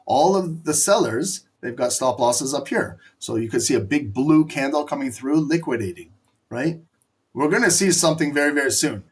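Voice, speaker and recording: Excitable man calling trades live. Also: on the high side, slightly rough. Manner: excitable, profane, jokey play-by-play. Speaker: live trading stream host. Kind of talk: live market commentary.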